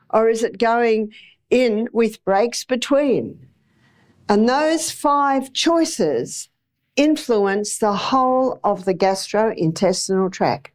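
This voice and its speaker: A woman's voice: a little high, a little mellow. A middle-aged woman giving a chatty health lecture to a live audience, with homely anecdotes and acted-out examples.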